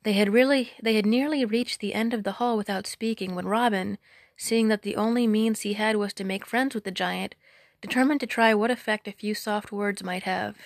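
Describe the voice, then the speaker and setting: Woman, storybook narrator, gravelly, dry close sound, measured and dramatic. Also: mid-range voice, steady tone, no room sound.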